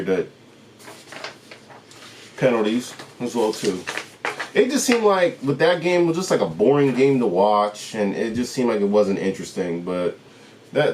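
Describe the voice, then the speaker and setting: A man's voice: on the low side, a little mellow. A man hosting his own channel, giving a solo sports recap and ranting through rhetorical questions.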